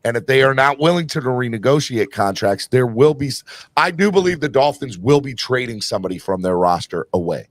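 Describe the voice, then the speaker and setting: A man's voice: mid-range voice, animated, brisk, no echo. A man hosting a casual sports podcast, talking emphatically and often restarting his sentences. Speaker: podcast host.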